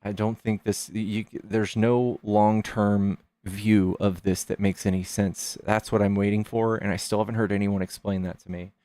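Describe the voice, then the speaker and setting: A man's voice: lowish voice, dark tone, no room sound. Argumentative man, dry close sound. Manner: argumentative, profane, fires rhetorical questions. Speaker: debate stream host. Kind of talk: heated live debate.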